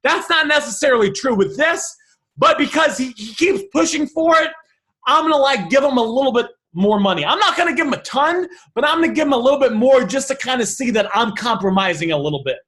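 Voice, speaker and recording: A man teaching negotiation by walking through message examples, animated and thinking aloud with quick restarts. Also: very high-pitched. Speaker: negotiation coach.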